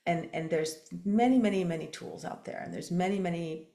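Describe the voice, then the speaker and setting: A woman's voice: on the low side, a little fast, warm tone, echoey room. An older woman hosting a podcast, talking casually in a rambling way with many fillers. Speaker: podcast host. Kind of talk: casual interview chat.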